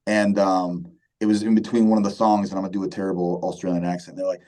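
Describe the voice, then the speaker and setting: Brief: a laid-back male musician in his thirties, very deep and warm voice, rambling casual interview chat. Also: level tone, fast, hardly any pauses, low-quality recording. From Michigan, USA. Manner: laid-back, many fillers and repeats, says "man" often. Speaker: band vocalist, guest.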